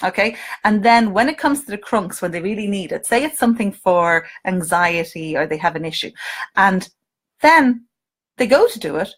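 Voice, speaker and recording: A woman with an Irish accent, a coach and hypnotist, talking live to her viewers in an animated, coaxing way and often checking in with them. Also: mid-range voice, moderate pace. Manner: animated, coaxing, asks viewers questions, frequent "okay?". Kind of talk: live-stream talk to viewers.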